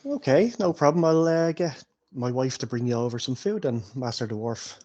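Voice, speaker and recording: A man's voice: medium pitch, lively intonation, moderate pace, mellow, lo-fi sound, natural voice. A welcoming male hobbit farmer, chatty and rustic, talks in a raised, homely voice, as a man puts him on. He is a tabletop game figure who eagerly offers food and directions.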